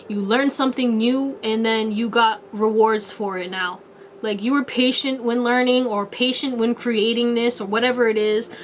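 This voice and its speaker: A woman's voice: on the high side, slight background noise. A woman giving a casual tarot reading to her viewers, playful and chatty with a lot of slang and frequent laughter. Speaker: tarot reader.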